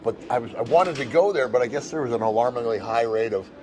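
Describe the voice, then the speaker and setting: An older American man, a guest chatting casually and telling relaxed stories outdoors. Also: mid-range voice, fast, noisy background. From United States. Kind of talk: casual chat.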